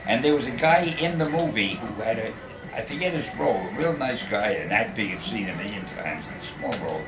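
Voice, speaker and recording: A man's voice: fairly low pitch, expressive, a little fast, noisy background. An older man telling self-mocking stories as guest of honor in a fan Q&A. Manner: wry, self-mocking jokes. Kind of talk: humorous Q&A storytelling. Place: convention event room. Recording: echoey room, loud crowd.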